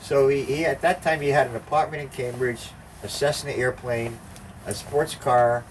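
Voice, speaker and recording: An older man, his voice at a medium pitch with fairly level intonation, spins a meandering, foul-mouthed yarn in casual conversation at a moderate pace. He acts out the voices of the people in the story. The mic is distant, with faint background noise.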